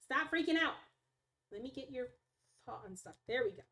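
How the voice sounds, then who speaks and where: Young woman, high voice, casual chatty streamer at home, slips into baby talk. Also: lively intonation, moderate pace, pushed and bright. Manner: chatty, talks baby talk to her dogs. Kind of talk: casual live-stream chat.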